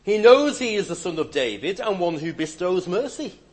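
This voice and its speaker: A man preaching a sermon, swinging between loud emphatic declarations and quiet, hushed asides. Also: high-pitched, big pitch swings, moderate pace, husky.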